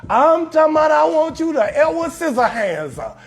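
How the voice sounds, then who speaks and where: A young adult male comedian hosting a live talk show, riffing loudly with crude advice and calling out viewers in his chat. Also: extremely high pitch, very animated, moderate pace. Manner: loud, brash, riffing, shouting out viewers in chat. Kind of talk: profane comedic advice monologue on a livestream.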